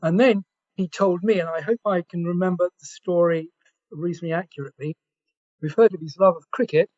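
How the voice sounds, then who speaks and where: Brief: southern English man, panelist, high-pitched, measured anecdotal delivery, muffled lo-fi sound. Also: fairly even intonation, darkish tone. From Essex, England. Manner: measured storytelling, occasional throat clearing. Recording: dull lo-fi audio.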